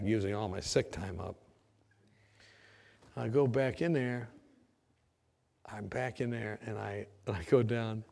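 A man telling a personal story in an animated way, acting out what people said and laughing at his own tale. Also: mid-range voice, vocal fry. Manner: lively, acts out quoted voices, laughs at own story. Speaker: former nurse telling a story.

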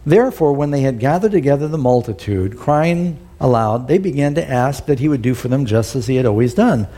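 Middle-aged male preacher, mellow husky voice, dramatizes the scripture he reads. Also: expressive, fairly quick. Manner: acts out the quoted lines with rising pitch and emphasis. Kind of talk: sermon, reading scripture with commentary.

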